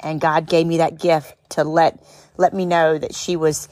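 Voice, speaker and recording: Emotional woman host, low dry voice. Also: normal speed, dry recording. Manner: expressive, tearful at times, rising to high exclamations. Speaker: podcast host and speaker. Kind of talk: emotional storytelling monologue.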